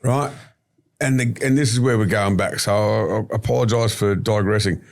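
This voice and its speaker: A man's voice: on the low side, normal speed, creaky. Rambling Australian man, emphatic. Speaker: podcast guest. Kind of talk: storytelling interview talk.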